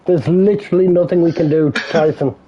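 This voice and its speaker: A man's voice: a little high, steady tone, fairly quick, highs cut off, slight background noise. A man co-hosting a racing stream, chatting casually, greeting drivers and grumbling about the game. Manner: friendly, congratulates drivers, resigned about game issues. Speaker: racing league co-host. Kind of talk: casual livestream chat.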